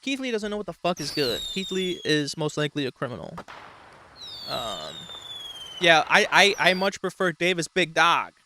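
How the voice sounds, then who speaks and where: A man hosts a show with rambling, mock-serious comedic commentary and frequent swearing. His voice is on the high side with big pitch swings, a moderate pace and a bright, forceful tone, with slight background noise.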